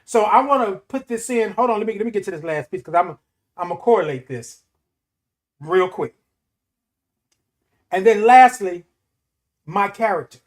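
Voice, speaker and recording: A man with a notably high voice delivers a motivational morning talk. He presses his points home with emphatic repetition and a preaching rhythm. He sounds middle-aged and speaks as the show's host. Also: expressive, normal speed, pauses often.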